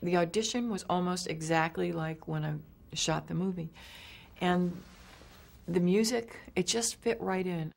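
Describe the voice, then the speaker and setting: A woman's voice: lowish voice, unhurried, gravelly, slight background noise. A woman in her sixties, an actress, recalling her past work cheerfully in an interview. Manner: cheerful, laughs while recalling. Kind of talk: interview recollection.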